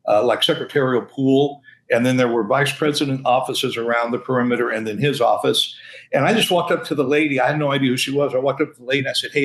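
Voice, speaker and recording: A man's voice: mid-range voice, poor audio. Man in his sixties telling a story, chuckling. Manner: animated storyteller, chuckling, many restarts. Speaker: senior pastor. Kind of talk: storytelling in a podcast interview.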